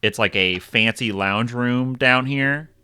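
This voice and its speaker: A man narrating a tabletop game as game master, describing scenes in a halting, stop-start way. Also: mid-range voice, pushed and bright, clean tone.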